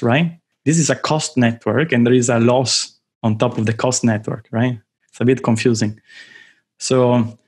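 A man from southern Italy with an Italian accent and a mid-range voice gives an informal online lecture, telling stories in a playful, animated way.

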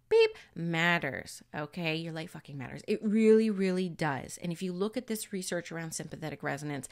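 Earnest woman medium, low voice. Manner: earnest, emphatic, conversational with filler words; casual, occasional swearing for emphasis. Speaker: spiritual medium and teacher. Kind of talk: spiritual teaching monologue.

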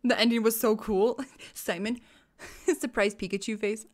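On a live game stream, this woman talks casually while playing, greeting her viewers by name and giggling often. She speaks a little slowly, in a slightly high voice with fairly even intonation.

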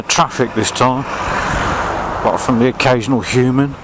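A man from England rides an old railway trail while chatting in a mid-range voice, grousing and joking at his own expense. Background noise runs under his casual vlog commentary.

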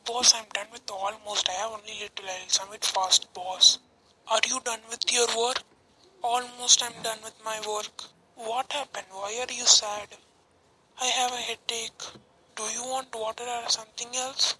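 Bright-voiced woman. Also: on the high side, little pitch movement, moderate pace, low-quality recording. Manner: plain, simple line reading with short replies. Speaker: channel creator voicing the office workers. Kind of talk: homemade cartoon voice acting.

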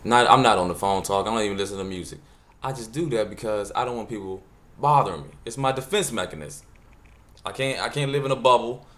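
A man with a fairly low voice tells funny everyday stories straight to the camera. He talks loose and casual and drops words. When he acts out the scenes he jumps into other voices. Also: fast talker, a bit bright. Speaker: vlogger. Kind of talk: casual storytelling monologue.

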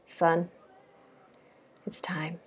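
A woman voicing a solemn father giving his son a serious talk, speaking quietly and gravely. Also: lowish voice, little pitch movement, drawn-out words, exaggerated voice.

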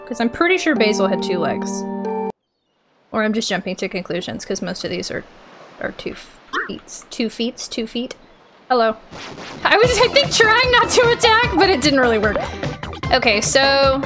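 A woman hosting a let's play, thinking aloud in a chatty, unsure way and often yelling out in excitement. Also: a little high. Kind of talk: gaming commentary. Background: game music.

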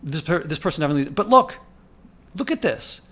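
Indignant rambling man, fairly high voice. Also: very animated, fairly quick, a bit bright. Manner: thinking aloud, with restarts. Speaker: vlogger. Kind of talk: casual narrated commentary over park footage.

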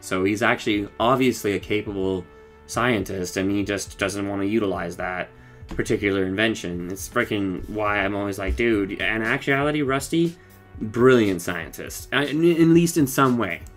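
A man's voice: fairly low pitch, moderate pace, soft background music. A young man recapping a cartoon episode in casual chat. He rambles, swears, laughs a lot and acts out the lines as he retells them. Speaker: show reviewer.

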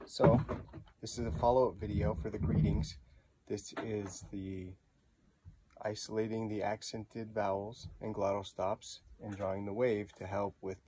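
A man teaching pronunciation in an unhurried, patient way, saying each word again and again. His voice is low and mellow. A faint hiss of noise sits under the recording. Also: level tone. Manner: slow, patient, repeats words to model pronunciation. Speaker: language teacher. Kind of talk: pronunciation lesson.

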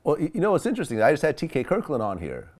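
A male interview host jumping in with quick questions and reactions. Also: fairly high pitch, huge pitch swings, a little mellow. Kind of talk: casual interview chat.

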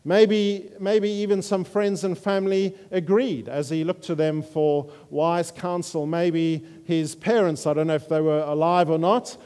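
Male preacher, earnest and halting, mellow tone, long reverb of a church hall. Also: a little high, steady tone, smooth. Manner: earnest, halting, with frequent fillers. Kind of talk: sermon.

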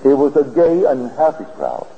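Man preaching slow and sing-songy, voice swoops up and down, long echo in a big hall. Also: mid-range voice, very animated. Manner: earnest, deliberate storytelling. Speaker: spiritual lecturer. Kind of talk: spiritual lecture. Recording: old archival lecture tape, dull and hissy, in a reverberant hall.

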